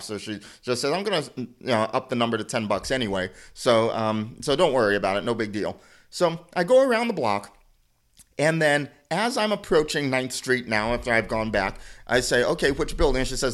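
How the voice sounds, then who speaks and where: A man's voice: mid-range voice, lively intonation, brisk, a bit bright. A man co-hosting a podcast, rambling through a story with restarts and frequent laughter. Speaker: podcast co-host. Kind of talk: casual chat, storytelling.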